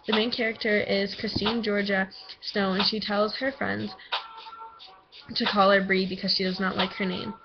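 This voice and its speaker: A woman's voice: medium pitch, flat delivery, moderate pace. Hesitant teen girl giving a book report. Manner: hesitant, filler-heavy, with many ums and likes. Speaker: student. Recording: dull lo-fi recording with music behind.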